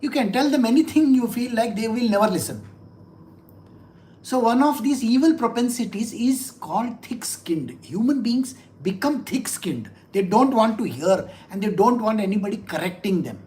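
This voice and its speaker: A woman's voice: a little high, animated, moderate pace, warm tone. A woman spiritual teacher explaining scripture to listeners, asking rhetorical questions, repeating phrases for emphasis and acting out small quoted exchanges. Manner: acts out little quoted exchanges.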